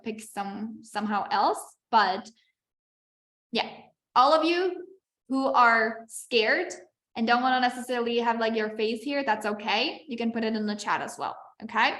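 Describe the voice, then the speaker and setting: Over a video call, a woman business coach teaches a live online masterclass in a chatty, encouraging way, often checking in with "okay?". Her voice is a little high and a bit bright, and the sound is roomy.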